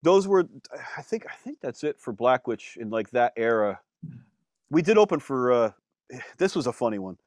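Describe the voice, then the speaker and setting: A man, a musician guest, telling stories in a casual interview, animated, with lots of fillers and some swearing. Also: medium pitch, moderate pace, no room sound, clean studio sound.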